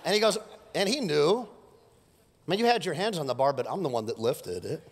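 Lively male pastor in a reverberant hall. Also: fairly high pitch, fairly quick. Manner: animated, joking with the congregation. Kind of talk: sermon. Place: church sanctuary. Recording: live church sermon with long reverb.

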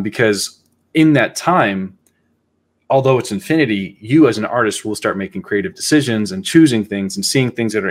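A man hosting a casual podcast, talking in a reflective, halting way as he thinks aloud. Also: lowish voice. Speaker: podcast host.

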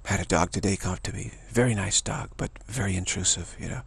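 A man's voice: sits low, fast, gravelly, a bit bright, breathy edge, no room sound. A man giving a rambling, emphatic spiritual talk as a teacher, often repeating himself.

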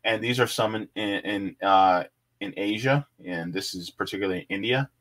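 Chatty man hosting a livestream, bright voice. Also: fairly low pitch, moderate pace. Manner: chatty, reads chat and web pages aloud, laughs easily. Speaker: livestream host. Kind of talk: casual livestream chat.

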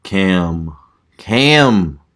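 A man's voice: deep voice, animated, drawn-out words, heavy background noise. A man hosting a reaction video, making joking, slangy comments over fight clips. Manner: joking, slangy, laughing asides.

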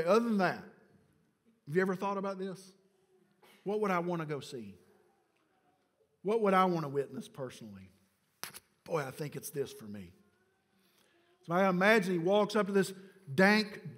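High-pitched man preaching in a church, goes from quiet almost whisper bits to loud shouting, long hall echo. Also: normal speed, long pauses. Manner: swings from quiet, hushed passages to shouted climaxes; addresses congregation directly with calls for response. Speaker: pastor. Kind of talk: sermon. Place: church sanctuary.

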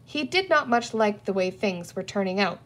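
A woman reading a children's storybook aloud in a clear, deliberate manner. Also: medium pitch, lively intonation. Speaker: audiobook reader. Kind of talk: storybook narration read aloud.

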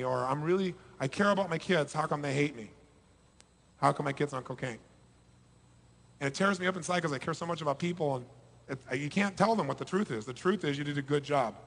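A man delivers a motivational seminar speech, his voice sitting high for a man. He is emphatic, driving some points loud and dropping others to a hush. His voice rings with the long reverb of a large hall. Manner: emphatic, swings between loud bursts and hushed lows. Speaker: motivational speaker. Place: large hall before a live audience.

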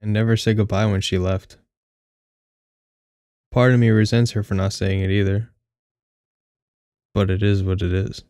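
A man's voice: lowish voice, little pitch movement, moderate pace, pauses often, dark tone, no echo, clean studio sound. A young man reading his own first-person short story aloud, with a wry, candid, casually profane manner. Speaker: audiobook narrator.

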